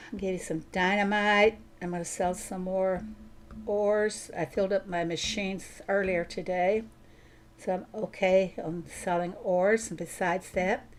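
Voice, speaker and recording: A woman chatting casually while she plays a farming game on stream, thinking aloud and answering viewers. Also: mid-range voice. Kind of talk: casual gameplay commentary.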